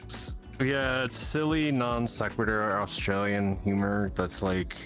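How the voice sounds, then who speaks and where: A man's voice: fairly low pitch, little pitch movement, unhurried, a bit bright, faint music behind. A man joining casual chat from the side, laid-back with dry jokes.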